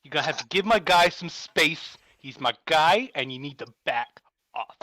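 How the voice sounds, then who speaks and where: A woman voicing an angry male giant crayfish guard with a gruff, streetwise tough-guy manner. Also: low-pitched, lively intonation, moderate pace, fairly bright tone, dry recording. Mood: warning.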